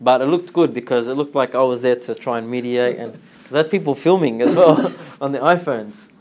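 A man giving an informal religious talk, telling a story with lively acted-out dialogue and frequent laughter. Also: mid-range voice, fairly quick. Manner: animated storytelling, acts out dialogue, laughs often. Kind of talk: informal religious lesson with anecdote.

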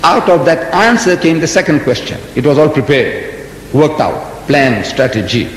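A man's voice: very animated, moderate pace. A man in his seventies giving a religious lecture to an audience, telling a story dramatically with rhetorical questions. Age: 70s. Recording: echoey hall with faint rumble.

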